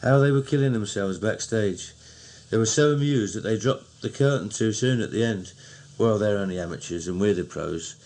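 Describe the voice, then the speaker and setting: A man with a Cockney accent, slowly and fondly recounting old memories in a recorded diary. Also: fairly low pitch, darkish tone. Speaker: narrator.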